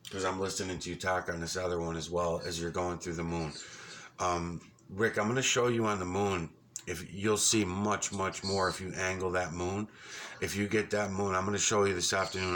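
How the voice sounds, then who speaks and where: A man with a very deep, low voice talks off the cuff in a casual home vlog. He rambles, swears freely and gets excited, dotting his speech with ums and uhs, over a faint hum of room noise. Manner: rambling, profane and excitable, frequent fillers. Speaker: YouTube vlogger.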